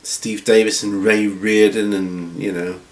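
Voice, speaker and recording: A man hosting a hobby channel from home, chatting casually through viewer questions in a rambling, relaxed way with lots of ums and restarts. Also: on the low side, a little slow, a little hiss or hum. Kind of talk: casual Q&A chat. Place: at home, seated with feet up. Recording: roomy room echo.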